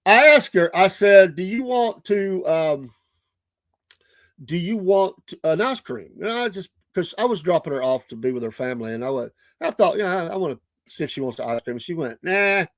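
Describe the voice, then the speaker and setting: A man's voice: sits high, lively intonation, moderate pace, no room sound, studio quality. An older man with a Southern US accent telling a casual story on his morning show, chatty and laughing often.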